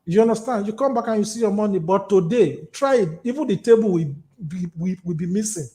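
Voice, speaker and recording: A Nigerian man in his fifties with a Nigerian accent, an activist talking in an animated, storytelling way in an interview. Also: high-pitched, a little fast. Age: 50s. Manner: animated, storytelling, repetitive emphasis. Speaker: activist guest. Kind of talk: conversational interview.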